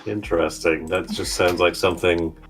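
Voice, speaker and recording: A man's voice: low-pitched, fairly even intonation, moderate pace, a bit bright, faint music behind. A Scottish man in casual chat as a stream co-host, swearing freely and trailing off mid-sentence.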